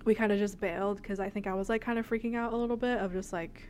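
A woman's voice: mid-range voice, fairly even intonation, fast, a little mellow, a little hiss or hum. A young woman co-hosting a podcast, chatting casually and rambling with lots of fillers and laughs. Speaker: podcast co-host. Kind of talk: casual chat.

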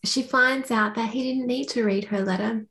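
A woman's voice: a little high, fairly even intonation, moderate pace, a bit bright. A woman co-hosting a podcast, chiming in with short, reactive comments in casual chat. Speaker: podcast co-host. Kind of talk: casual book-club chat.

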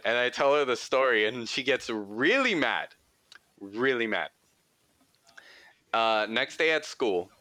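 A young man hosting a podcast shares a childhood story at a slow pace, pausing often, his medium-pitched voice lively and sharp. He rambles, swears, and fills his speech with "like," and the recording has no room sound.

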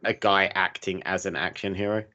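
A man chatting casually on a podcast, pitching ideas with enthusiasm and plenty of "uh" fillers. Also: steady tone, a little fast, pushed and bright. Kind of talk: casual chat. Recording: dull lo-fi mic.

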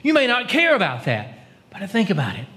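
A pastor preaching a conversational sermon, dropping to hushed tones for dramatic quotes. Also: male voice, sits high, huge pitch swings, a little fast. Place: church.

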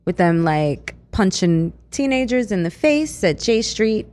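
A woman's voice: mid-range voice, animated, measured pace, darkish tone. A woman co-hosting a radio show in casual chat, outspoken and emphatic, with some street slang. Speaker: radio co-host and youth worker. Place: radio studio.

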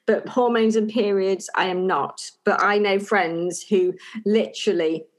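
A woman's voice: mid-range voice, steady tone, unhurried. A woman co-hosting a podcast, telling a family story in casual chat and acting out her family's voices. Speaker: podcast co-host.

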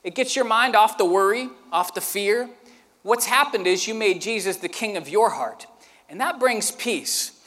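A man preaching a sermon who tells a lively story and acts it out with sound effects. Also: high-pitched, moderate pace, in a large hall. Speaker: pastor.

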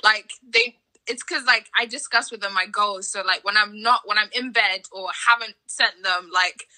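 A woman's voice: medium pitch, moderate pace, sharp tone. Chatty woman netball guest. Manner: chatty, laughs while telling stories. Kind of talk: casual podcast chat.

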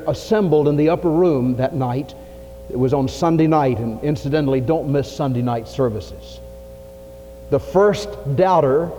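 A man preaching a folksy sermon, his voice swinging from loud to hushed. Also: on the high side. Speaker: pastor. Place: church sanctuary. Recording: lo-fi 1980s church tape with long reverb and faint hiss.

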